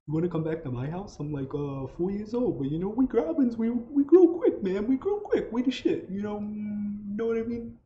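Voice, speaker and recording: A man's voice: sits high, expressive, moderate pace, dull audio, pitched above the performer's own voice. A man voicing a cocky, laid-back young male goblin who drawls in slang full of fillers.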